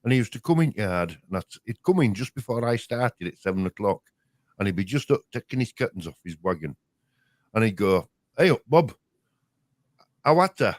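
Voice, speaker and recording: A man's voice: fairly low pitch, expressive, a little fast, no echo. An older man with a Yorkshire accent, co-hosting a casual live-stream chat, chatty and laughing as he drops into local dialect. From West Yorkshire. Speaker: co-host.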